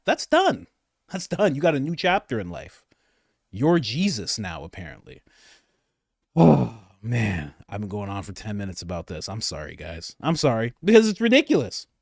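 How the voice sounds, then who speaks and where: A podcast host delivers comedic political commentary as an animated rant, sarcastic and mocking throughout. His voice is fairly high in pitch, recorded at studio quality with no echo.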